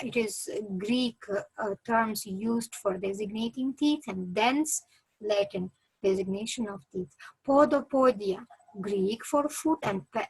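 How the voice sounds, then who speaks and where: Slow, husky-voiced woman lecturer with a Kyrgyz accent. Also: on the high side, dry recording, poor audio. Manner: slow and halting, many "uh" fillers, lists terms. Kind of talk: reading a terminology lesson.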